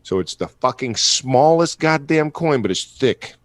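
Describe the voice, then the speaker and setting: A man's voice: medium pitch, expressive, measured pace, no room sound. A man, maybe middle-aged, co-hosting a podcast in casual, profane chat, laughing often as he tells travel stories. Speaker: podcast co-host.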